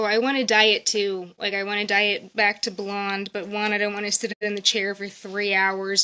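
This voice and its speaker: A woman's voice: mid-range voice, bright, forceful tone. Woman in her thirties, casual live-stream chat, rambling, chatty, jumps between topics. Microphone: phone or webcam on a live stream.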